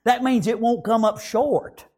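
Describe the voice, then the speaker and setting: Fervent high-voiced preacher man. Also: measured pace. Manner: fervent, constantly punctuating with amen and praise God; swings between low murmurs and shouted emphasis. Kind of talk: sermon.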